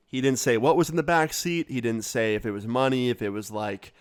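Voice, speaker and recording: A man telling a storytime vlog story in a casual, profane, animated way. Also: medium pitch, fairly quick, few pauses, smooth. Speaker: storyteller vlogger.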